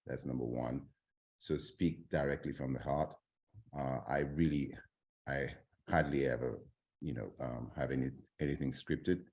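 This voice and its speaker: Very deep-voiced earnest man. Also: steady tone, darkish tone. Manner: earnest, thoughtful, pausing with fillers. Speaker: guest. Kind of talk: conversational interview chat.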